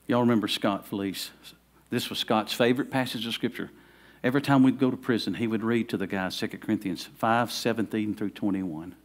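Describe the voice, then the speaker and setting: A man's voice: lowish voice, steady tone, brisk, hardly any pauses. A middle-aged man, preaching a sermon in a conversational way that builds to fervent emphasis. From Southern United States. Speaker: pastor.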